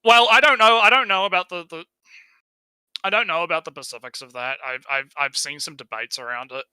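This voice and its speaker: A man's voice: fairly high pitch, brisk, pushed and bright, clean tone, no echo, low-quality recording. A man with a New Zealand accent chatting casually on a stream, rambling, swearing and laughing as he talks. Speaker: podcast co-host.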